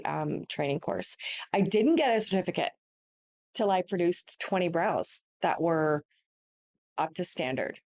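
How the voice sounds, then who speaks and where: Woman, mid-range voice, makeup artist guest, chatty, eager, restarts sentences. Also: medium pitch. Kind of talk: casual chat at a live Q&A.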